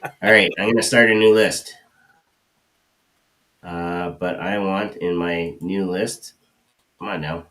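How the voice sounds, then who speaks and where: A man's voice: deep voice, fairly even intonation, takes it slowly, pauses often, a bit bright. A man co-hosting a live show, explaining things in a rambling way with many fillers. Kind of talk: casual explanation.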